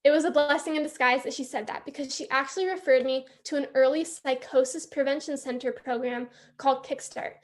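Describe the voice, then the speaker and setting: A young woman from San Diego with a high voice tells her personal story at a conference. She speaks candidly and chattily, and she often turns to address her listeners directly. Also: fairly even intonation, fairly quick, few pauses. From San Diego, California. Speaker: youth peer support speaker.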